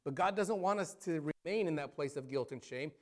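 Emphatic preaching man. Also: animated. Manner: emphatic preaching, slows down for scripture and repeated phrases; voice rises and falls widely in loudness, dropping low then building up. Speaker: pastor. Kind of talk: sermon.

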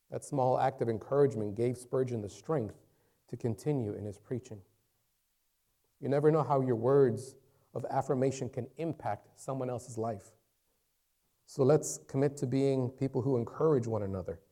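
A man's voice: medium pitch, dark tone. A man preaching a sermon, speaking conversationally at first and rising into fervent, raised-voice preaching, repeating phrases for emphasis. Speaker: pastor.

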